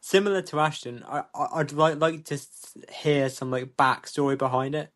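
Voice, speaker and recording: A man's voice: on the high side, normal speed, a bit bright. A man co-hosting a football podcast, wry and musing as he spins out what-ifs. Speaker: podcast co-host. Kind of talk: casual chat.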